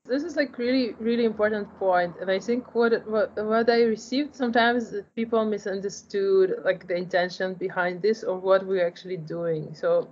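A woman's voice: mid-range voice, fairly even intonation, normal speed, few pauses, a little mellow, slight background noise. Earnest woman explaining her tech. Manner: earnest, explanatory, frequent "like" and restarts. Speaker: startup founder. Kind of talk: interview answers. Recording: dull lo-fi audio.

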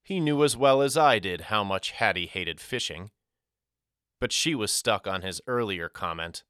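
A man's voice: lowish voice, lively intonation, unhurried, fairly bright tone, clear, resonant tone, no echo. A man narrating a story in the first person with dramatic delivery, recorded close in a studio. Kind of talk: audiobook narration.

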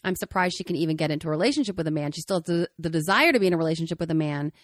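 A woman's voice: sits low, racing, no echo, studio quality. A woman co-hosting a podcast, asking thoughtful, probing questions. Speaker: podcast co-host. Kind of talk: podcast conversation.

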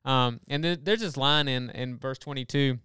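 A man talks through a Bible passage in a casual, earnest way, building his point and rushing through asides. His voice is very smooth and clear, and the recording is dry and close. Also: medium pitch, dry recording. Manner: earnest, explanatory, animated with quick asides. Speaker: podcast co-host. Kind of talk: casual Bible study discussion.

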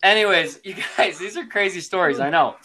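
A man's voice: sits high, brisk, pushed and bright, a little hiss or hum. A man in his thirties, a father telling a parenting story in casual chat, laughing often and using lots of fillers.

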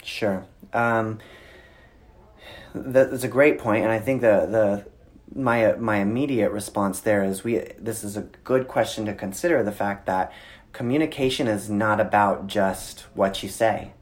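A man in his thirties, a guest in an interview, explaining communication with lively storytelling and frequent filler words. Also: fairly low pitch, measured pace. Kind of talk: conversational interview.

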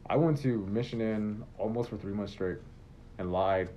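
A man telling his life story in a casual interview, animated and swearing freely. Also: fairly low pitch, moderate pace, a little hiss or hum. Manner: animated, swears freely, acts out quoted exchanges. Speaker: guest telling his career story as a chef. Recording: dull, muffled recording.

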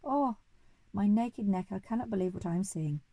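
A woman voicing a polite, hungry female giraffe who is genteel and timid but quick to get excited. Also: medium pitch, gravelly, husky, no echo. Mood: overjoyed.

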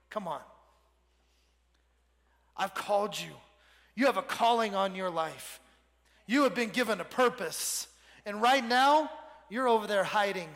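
A male pastor with a high, bright voice preaches a sermon with energy, leading his congregation in call-and-response. He's animated but keeps a measured pace with long pauses, and a long hall reverb trails his words.

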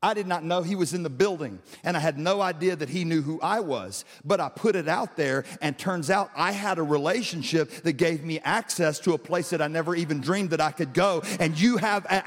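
A pastor, a man with a high voice, preaches to his congregation, moving from casual storytelling into loud, shouted passages. His throat sounds a bit strained from the shouting. His voice rings out with the long reverb of a big auditorium. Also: a little fast, few pauses, slight background noise. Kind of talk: sermon.

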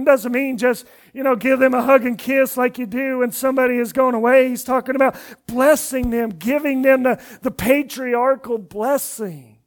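A man preaching an expository sermon, reading scripture and giving the people in it their own voices, often trailing off quietly at the ends of phrases. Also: steady tone, normal speed, hardly any pauses. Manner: retells scripture with dramatic voices, dropping to a quiet, low finish. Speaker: pastor.

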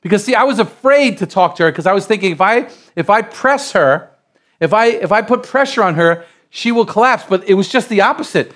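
Male preacher, middle-aged, from the United States, high voice, animated sermon that climbs to shouts. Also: brisk. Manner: animated preaching, builds to loud exclamations; repeats and restarts phrases while building up.

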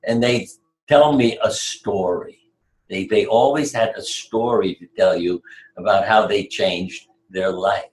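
An older man with a fairly low voice shares anecdotes as an interview guest. His manner is chatty and wry, and he chuckles at his own stories. The sound carries a noticeable room echo. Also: unhurried. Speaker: guest, retired surgeon.

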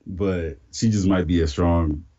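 A man in casual podcast chat, talking in a relaxed, reflective, drawn-out way. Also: sits low, crowd noise. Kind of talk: casual chat about an anime. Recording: dull lo-fi sound.

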